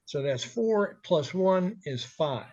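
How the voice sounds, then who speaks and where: A man, a radio DJ, spins animated, profane anecdotes, his fairly high voice bouncing through the stories. The audio sounds slightly muffled and lo-fi. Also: slow. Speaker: radio DJ guest. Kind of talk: casual storytelling.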